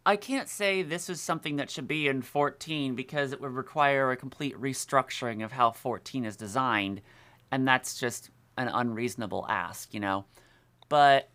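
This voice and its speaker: A bright, forceful voice in a relaxed podcast conversation, full of quick laughs and filler words. The speaker sits in the guest's seat, talking shop as a voice actor. The tone stays animated throughout. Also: mid-range voice, smooth. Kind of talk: casual podcast chat.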